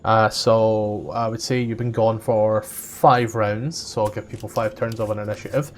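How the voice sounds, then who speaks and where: Relaxed male game master. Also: on the low side, normal speed, slight background noise. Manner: relaxed, explaining rules between laughs. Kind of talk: running a tabletop game.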